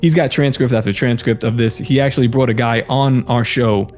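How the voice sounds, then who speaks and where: A man's voice: medium pitch, a little fast, soft background music. Male podcast host telling a story. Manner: animated storyteller, acts out quoted dialogue. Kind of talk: casual chat, retelling a story.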